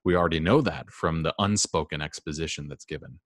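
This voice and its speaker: A man's voice: extremely low pitch, fairly quick, no echo, studio quality. A man teaching a class in a casual, rambling way, with frequent ums and restarts. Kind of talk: classroom lecture.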